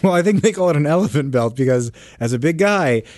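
A man's voice: fairly high pitch, lively intonation, darkish tone, no room sound, clean studio sound. A man hosting a radio show, chatting casually, rambling and laughing often. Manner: rambling, laughing, quick to apologize. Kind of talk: casual chat.

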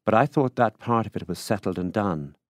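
A cross, impatient Irish landowner woman, as a man reading aloud puts her on, speaking curtly in a very deep, low voice. The recording is dry and close. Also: fairly quick, no room sound, lightly acted. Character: impatient middle-aged woman landowner living alone. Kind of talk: literary reading.

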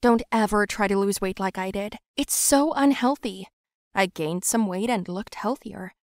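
Young female storyteller, dramatic, confiding first-person narration, mid pitch, dry close mic. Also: normal speed, no echo. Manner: confiding and dramatic, swings from hushed to loud.

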